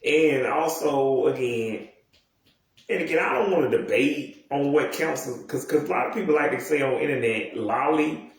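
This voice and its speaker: A man's voice: medium pitch, normal speed. A man in his thirties rambling casually and profanely, with many restarts and asides. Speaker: video commentator. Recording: very echoey room, mic far off.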